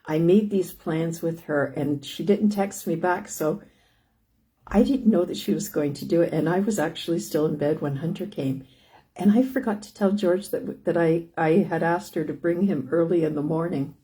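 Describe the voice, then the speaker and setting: An older woman with a low, mellow voice chats casually on her live stream. She rambles from one thing to the next, restarting sentences and looping back with "anyways". Her tone stays easygoing and homey. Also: moderate pace. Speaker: host of a live stream about living with lung disease.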